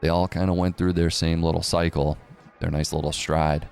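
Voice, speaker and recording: Gravelly, deep-voiced man ranting about markets. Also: level tone, moderate pace, a little mellow, soft background music. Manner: profane, sarcastic, mocks others in put-on voices. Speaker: crypto news commentator. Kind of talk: casual rant commentary.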